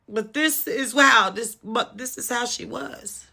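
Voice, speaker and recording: A woman's voice: a little high, a little slow, creaky, hardly any pauses, pushed and bright, husky. A woman telling a personal storytime, angry and emotional, who swears and repeats herself for emphasis. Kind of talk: casual storytime.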